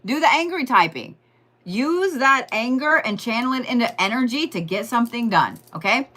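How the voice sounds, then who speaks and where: A woman's voice: on the high side, animated, moderate pace, bright, forceful tone. A woman giving a casual, rambling astrology reading, joking and swearing as she talks straight to her listeners. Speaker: astrology and Reiki host.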